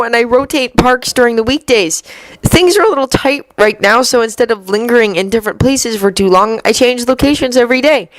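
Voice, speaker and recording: A woman's voice: a little high, no echo, voice pushed up, close to an everyday voice, rough recording. Shy, earnest young male musician, read by a woman.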